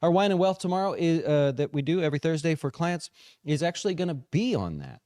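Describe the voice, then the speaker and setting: A man's voice: fast, no room sound, studio quality. A man hosting a market recap show as a financial advisor, chatty and jokey, correcting himself as he goes. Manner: lively pitch swings. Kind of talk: casual market recap talk.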